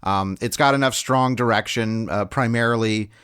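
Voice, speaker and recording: Smooth and a bit bright, this fairly low male voice moves at normal speed. He co-hosts a podcast, rambling loosely through a casual talk about films with many fillers and restarts.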